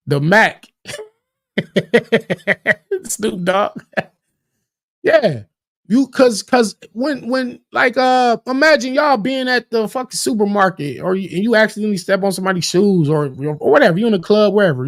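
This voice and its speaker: Animated, profane male battle rap commentator. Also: sits high, creaky, no room sound, clean studio sound. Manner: animated, profane, restarts words often; acts out quoted arguments in a raised voice. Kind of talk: casual livestream commentary.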